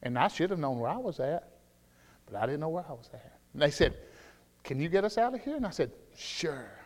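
A man with a Southern US accent preaches a sermon in a fairly high voice, and the long reverb of a church hall trails after every phrase. He swings from loud, shouted declarations to quiet, conversational storytelling. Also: very animated, quick pace. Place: church sanctuary.

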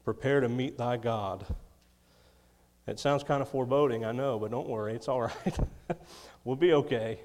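A man's voice: mid-range voice, normal speed, darkish tone, big-room sound. A man preaching a sermon, reading scripture and adding folksy, chuckling asides. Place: church.

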